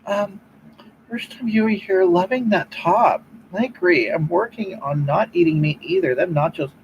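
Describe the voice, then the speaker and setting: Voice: sing-song, normal speed, lo-fi sound, slight background noise. A performer doing a rambling, preachy older woman livestreamer. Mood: gushing. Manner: rambling, keeps repeating "you know what?", swoops up and down in pitch. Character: older woman livestreamer, self-righteous, preachy about love. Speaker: livestream host reading chat comments. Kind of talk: comedic improvised livestream monologue.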